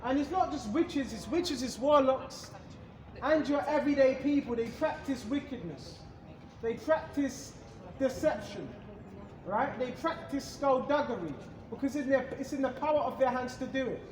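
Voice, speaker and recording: A man's voice: very high-pitched, normal speed, darkish tone, echoey room, low-quality recording. A man teaching scripture in an emphatic, repetitive way, asking rhetorical questions and answering them. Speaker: preacher. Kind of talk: street-style scripture teaching.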